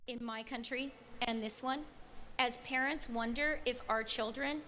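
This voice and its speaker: Measured woman giving a formal speech. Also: on the high side, steady tone, bright, forceful tone. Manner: measured, rhetorical. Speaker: politician.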